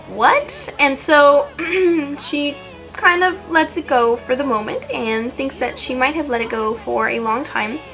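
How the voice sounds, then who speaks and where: A woman novelist casually chatting about her book, scatterbrained, with lots of fillers and throat clearing. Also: a little high, fairly bright tone, rough recording.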